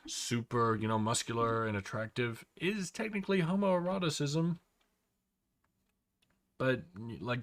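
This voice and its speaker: A man's voice: mid-range voice, no echo. Rambling Australian man streaming. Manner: rambling, opinionated, many fillers. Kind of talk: casual live-stream chat.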